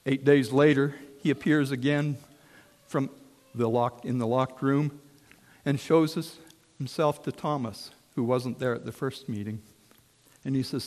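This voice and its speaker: A man preaching a sermon as a story, swinging from hushed tones to shouts. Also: medium pitch, fairly even intonation, measured pace. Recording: long hall reverb.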